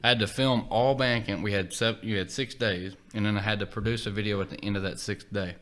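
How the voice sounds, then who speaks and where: A man guesting on a podcast talks in a bright, forceful voice. He tells stories in a lively, animated way and acts out what people said. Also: lowish voice, fairly quick. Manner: animated storytelling, acts out quotes. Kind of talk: casual chat.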